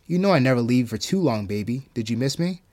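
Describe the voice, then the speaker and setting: A man's voice: medium pitch, animated, fast, darkish tone, lightly acted. A man voicing a gloating, cruel demon. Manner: crooning, mocking, menacing.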